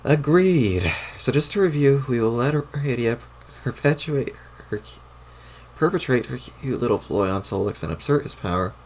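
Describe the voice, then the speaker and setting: A man's voice: mid-range voice, lively intonation, moderate pace, a little mellow, a little hiss or hum, natural voice. A man voicing a smug, scheming young female troll while reading a webcomic aloud, with a mocking tone.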